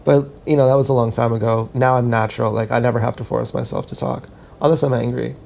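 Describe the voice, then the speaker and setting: A man's voice: mid-range voice, fairly even intonation, fast talker, gravelly, a little mellow, a little hiss or hum. A man vlogging in a casual, meandering monologue, self-mocking and thinking aloud with many restarts while he dances. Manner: talks while dancing.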